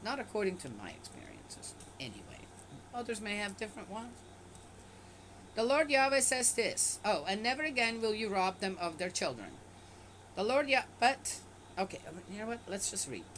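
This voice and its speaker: Lady reading scripture out loud and talking back at it, skeptical, casual asides, faint hiss behind her. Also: medium pitch, rough recording. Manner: reads aloud and breaks off to comment skeptically. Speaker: bible reader and commentator.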